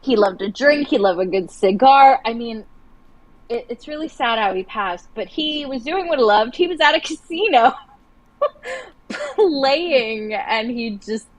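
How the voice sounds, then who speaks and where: A woman's voice: a little high, unhurried, no room sound, rough recording. Chatty woman telling a dream story. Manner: chatty, animated storyteller with many restarts. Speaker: livestream co-host.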